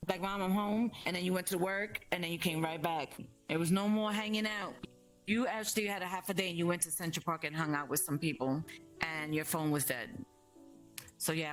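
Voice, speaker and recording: A middle-aged mother recounts the past bluntly and with animation. Her voice sits a little low. Faint music plays underneath. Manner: blunt, animated storytelling with swearing and laughs. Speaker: mother of the streamer, guest. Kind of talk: casual storytelling chat.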